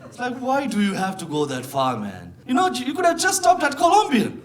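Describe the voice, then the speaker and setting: A young man with a Sri Lankan accent performing live stand-up comedy, telling animated stories and punching up the lines loudly. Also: very high-pitched, a little fast, very noisy. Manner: animated storytelling, shifting into loud exclaiming punchlines. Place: comedy club stage with live audience. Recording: live show with crowd laughter. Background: audience laughing.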